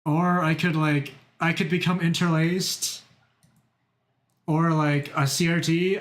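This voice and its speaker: A young man streaming as a VTuber, casual and excitable, laughing and repeating himself as he talks. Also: on the high side, very slow, roomy sound. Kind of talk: casual live-stream chat.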